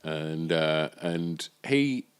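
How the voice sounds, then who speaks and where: A man's voice: a bass voice, extremely slow, clear, resonant tone. A man co-hosting a podcast, telling a story in casual banter and acting out the people he quotes. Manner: animated storyteller, acts out quoted voices. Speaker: podcast co-host.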